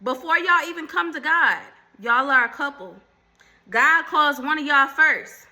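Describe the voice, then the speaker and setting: A woman's voice: sits high, animated, measured pace, pushed and bright. A woman hosting her own channel, chatting casually to viewers about faith and relationships, calling them y'all, with preachy asides. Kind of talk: casual faith talk to camera.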